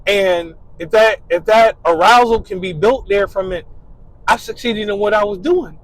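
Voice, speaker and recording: A man with a fairly high voice tells a relaxed, slangy story in casual monologue. He leans on fillers and loose street talk. The recording is close and dry, with no room sound. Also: normal speed, dry recording, low-quality recording. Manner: laid-back, slangy storytelling with frequent fillers. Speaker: guest describing his ideal date.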